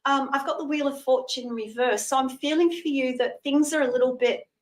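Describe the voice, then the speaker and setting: A woman's voice: high voice, steady tone, a little fast, recorded from a distance, rough recording. A woman in her sixties hosting a live psychic reading show, chatty and thanking viewers by name as she explains old traditions.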